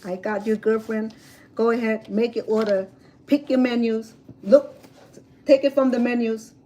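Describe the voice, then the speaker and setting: A woman chatting casually while cooking at a home grill outdoors, telling stories in an animated way with many fillers. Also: on the high side, a little slow, rough recording. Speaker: cooking vlogger.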